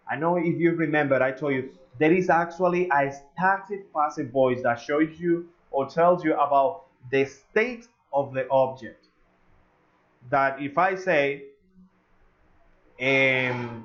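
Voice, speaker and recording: Male teacher, Spanish native, slightly high voice, slow, deliberate pace, lo-fi sound. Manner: slow, stretches example sentences, many "eh" fillers. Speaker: English teacher. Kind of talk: online grammar lesson. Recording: slightly dull lo-fi audio.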